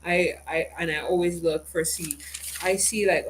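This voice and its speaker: A woman's voice: lowish voice, moderate pace, background noise. A woman talking straight to her viewers in a casual, rambling vlog monologue, telling stories and acting out what other people said. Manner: rambling, animated storytelling with quoted asides. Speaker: vlogger.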